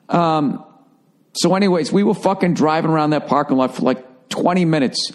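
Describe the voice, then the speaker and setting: A man's voice: high voice, animated, moderate pace, vocal fry, a little mellow. A middle-aged man hosting his podcast, telling a rambling, profane comic story and mocking himself along the way. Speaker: comedian and podcast host.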